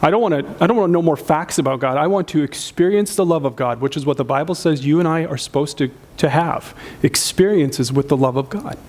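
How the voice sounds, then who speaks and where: A man's voice: fairly high pitch, a little fast, hardly any pauses, darkish tone. A man preaching a sermon as pastor of a church, telling a story earnestly and often restarting his sentences.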